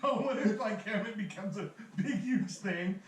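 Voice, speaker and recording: Brief: man jokey podcast co-host, Southern Californian accent, high animated voice, roomy and off-mic. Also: far from the mic. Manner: jokey, quick quips. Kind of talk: casual chat.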